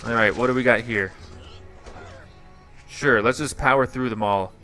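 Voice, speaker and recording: A man hosting a reaction channel and playing a mobile game, his commentary swinging between muttered frustration and loud yelps. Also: medium pitch, normal speed, soft background music. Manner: dramatic swings from muttering to yelling. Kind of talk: excitable gameplay commentary.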